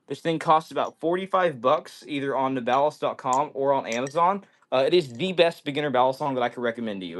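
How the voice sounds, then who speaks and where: Upbeat man reading out chat on a stream. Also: mid-range voice. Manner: reads chat comments aloud and answers them, upbeat. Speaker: livestream host. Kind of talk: casual live-stream chat.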